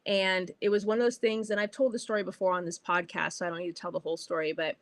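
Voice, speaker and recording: A bubbly, middle-aged woman hosting a podcast, telling a personal story in a casual, animated way. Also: lowish voice, fast, dry recording. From California. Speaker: podcast host.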